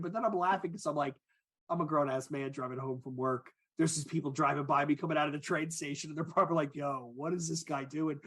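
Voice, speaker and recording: A man's voice: a little high, fairly bright tone, breathy edge. A man in his forties, a podcast co-host and agile coach, telling stories in a candid, self-mocking way in casual chat. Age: 40s.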